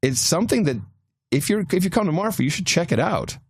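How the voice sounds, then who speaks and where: A podcast co-host with a high, husky voice tells a long travel story in casual chat, talking fast and animatedly. He rambles, restarting often and using lots of fillers. The sound is clean studio quality with no echo.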